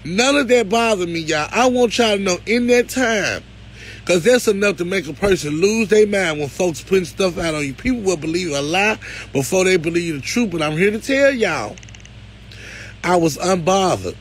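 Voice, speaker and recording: A man's voice: high-pitched, animated, moderate pace, slight background noise, rough recording. A man talking to his viewers on a livestream, emotional and close to tears, with a preacherly lift. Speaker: live-stream host.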